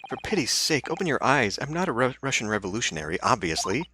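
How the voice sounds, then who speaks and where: A man's voice: mid-range voice, big pitch swings, fast, noisy background, lightly acted. A man reading a flustered young lawyer. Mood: exasperated. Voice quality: exasperated, incredulous. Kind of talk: reading game dialogue aloud. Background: game music.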